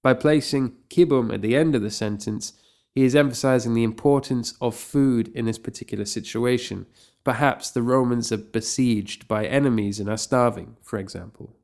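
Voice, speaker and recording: A man teaching a scripted Latin grammar lesson, explaining clearly and slipping in playful, enthusiastic asides. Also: mid-range voice, moderate pace, darkish tone. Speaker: Latin tutor.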